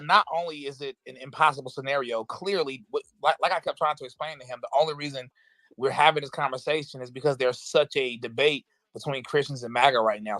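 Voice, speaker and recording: A man's voice: on the high side, a bit bright, no room sound, low-quality recording. A man hosting a live stream, arguing heatedly with frequent restarts and bursts of laughter. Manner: impassioned, laughing, fast bursts with repeated restarts. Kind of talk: heated political talk.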